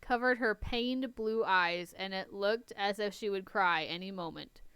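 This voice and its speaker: A smooth, clear young woman reading aloud and chatting. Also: mid-range voice, a little slow, fairly bright tone, dry recording. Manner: chatty, laughs between lines. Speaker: host reading a story aloud. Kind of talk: casual reading with commentary.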